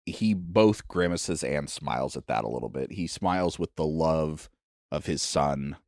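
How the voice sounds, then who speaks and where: A man running a tabletop game as game master, narrating in an animated, loose and chatty way. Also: a bass voice, measured pace, dry recording, studio quality.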